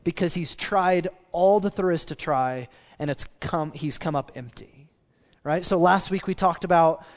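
Conversational preacher man in a reverberant hall. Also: a little high. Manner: conversational, with spoken restarts and asides. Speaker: pastor. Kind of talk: sermon.

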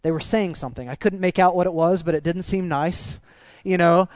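A male pastor preaching a sermon in an animated, emphatic way, often restarting phrases. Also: sits high, brisk, no echo.

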